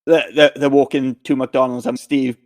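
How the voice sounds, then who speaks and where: Male podcast co-host, mid-pitched, chatty recap with acted-out bits. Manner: animated retelling, acting out scenes in quick voices. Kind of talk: casual movie recap chat.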